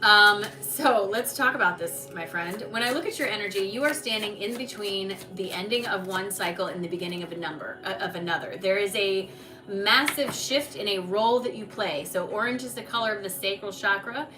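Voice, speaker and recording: On a live oracle card reading stream, a woman with a medium-pitched voice speaks a little fast, chatting warmly and reassuring viewers she greets by name. The mic is distant, and background noise comes through.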